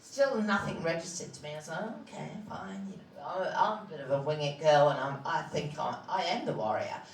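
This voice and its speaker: Woman, low voice, plain-spoken personal testimony, roomy echo. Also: expressive, recorded from a distance, slight background noise. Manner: candid, plain-spoken, halting with fillers. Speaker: charity founder telling her story. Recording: echoey room, voice from off-mic.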